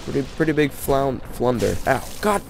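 This gameplay commentary comes from a man with a fairly low voice speaking at normal speed, with background noise audible. He's ill, so he stays quiet while venting exasperated trash talk at the game's enemies.

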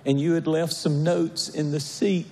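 A man's voice: fairly high pitch, little pitch movement, a little slow, mellow, a little hiss or hum, voice pushed up. A man voicing a flustered woman passenger who keeps apologizing anxiously. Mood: apologetic. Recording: echoey church hall.

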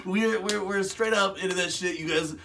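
A man co-hosting a casual chat show, swearing freely and getting loud while telling stories. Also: sits high, moderate pace, creaky, recorded from a distance, a loud crowd. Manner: profane, excitable storytelling, gets loud when animated. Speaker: co-host.

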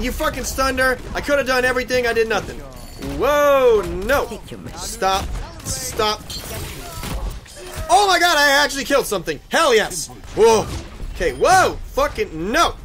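A man giving frantic, profane commentary while playing a team shooter game. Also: extremely high pitch. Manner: frantic, swearing, yelling at teammates. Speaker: gaming YouTuber. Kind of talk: live gameplay commentary.

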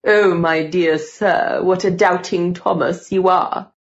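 A woman voicing an old aristocratic male count who talks in a slow, grand and theatrical way. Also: on the low side, steady tone, dull audio. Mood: grandly scheming.

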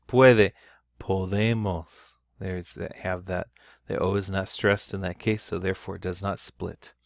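A man's voice: fairly low pitch, creaky, dry recording, clean studio sound. A middle-aged man teaching a recorded online Spanish lesson, explaining patiently with repeats and restarts and stressing key sounds.

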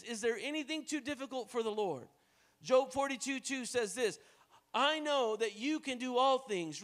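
An American man preaching a sermon as pastor, moving between quiet, low passages and loud, rising calls to the congregation, with playful joking asides.

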